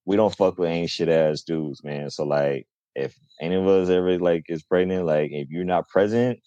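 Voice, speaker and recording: A man with a very deep, low voice talks in a loose, relaxed way, leaning on slang and constant "like" fillers. The sound is dry and close, with little room around it. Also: normal speed, dry recording, highs cut off. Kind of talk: casual chat.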